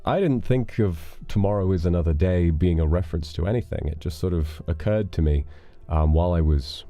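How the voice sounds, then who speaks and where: A man's voice: sits low, a little fast, warm tone, no room sound, dull audio, soft background music. A man streaming live, rambling casually as he reads donations and chats, with casual swearing. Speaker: livestreamer.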